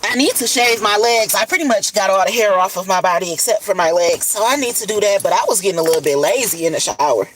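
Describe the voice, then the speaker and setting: A woman's voice: medium pitch, fast talker, few pauses, background noise. A woman talking casually on a livestream from her phone, blunt and full of profanity. She rambles about love and self-care, tired and puffy-eyed after crying. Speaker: livestream host. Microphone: phone camera.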